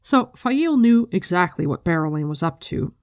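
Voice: medium pitch, very animated, moderate pace, smooth, no room sound. A host casually recapping a book with blunt, profane chat, mixed with reading passages aloud.

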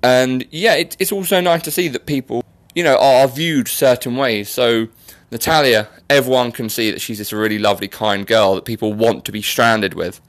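A young man hosts a podcast, chatting casually at a moderate pace in a medium-pitched voice. He jokes, teases his guest, and often mocks himself, and the recording is dry.

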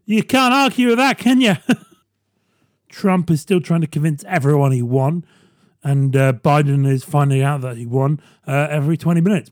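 A man hosting a podcast, delivering a sardonic comedy monologue with quick asides to the listener. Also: a little high, lively intonation, dry recording, studio quality. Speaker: podcast host. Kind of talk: stand-up style comedy monologue.

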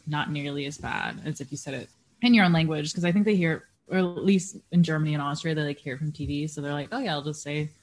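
A woman on a podcast chatting casually, animated and acting out quoted lines. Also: deep voice, fast talker. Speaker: podcast co-host. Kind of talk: casual chat.

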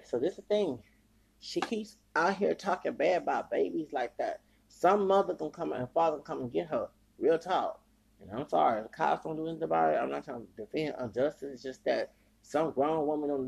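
A man's voice: fairly high pitch, creaky, darkish tone, breathy edge. A man hosting a podcast, delivering a heated, profane rant full of repeated phrases. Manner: heated, profane ranting with repetition. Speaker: podcast host.

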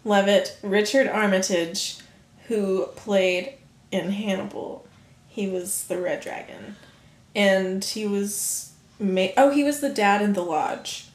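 A young woman co-hosting a podcast in casual chat, animated, laughing often and swearing freely. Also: medium pitch, takes it slowly. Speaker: podcast co-host. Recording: echoey room.

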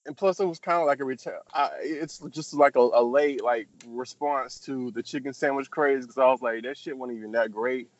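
A man's voice: medium pitch, normal speed, hardly any pauses, slight background noise. Young guy co-hosting, rambly, keeps restarting, kinda muffled lo-fi audio. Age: young adult. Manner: rambling storyteller, restarts and repeats words. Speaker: podcast co-host. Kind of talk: casual chat. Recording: dull lo-fi sound.

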